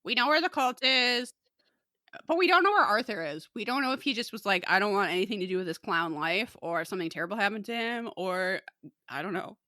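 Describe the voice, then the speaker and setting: A woman's voice: mid-range voice, animated, fairly quick, sharp tone, no echo. A woman co-hosting a podcast, chatting casually and laughing often as she recaps a TV episode. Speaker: podcast co-host.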